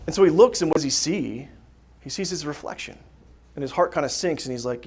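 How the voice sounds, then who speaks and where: A man's voice: on the high side, lively intonation, fast, darkish tone, breathy edge. Chatty man teaching a parish group. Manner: conversational, rhetorical questions, frequent "right?". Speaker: catechist teaching parents. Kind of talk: live faith talk to a parent group. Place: parish hall dinner gathering.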